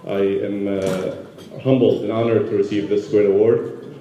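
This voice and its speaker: A man from Yemen giving a halting, emotional award acceptance speech full of fillers at a gala. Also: on the low side, steady tone, warm tone, slight background noise. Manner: halting, many fillers, moved. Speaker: award recipient. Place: large banquet hall. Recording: roomy hall, dull sound.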